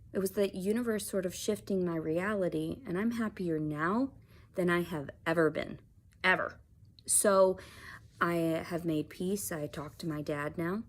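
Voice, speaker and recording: A woman vlogger talks to camera in a personal vlog with a fairly low-pitched voice. She is soft-spoken and reflective, at times sinking to a whisper.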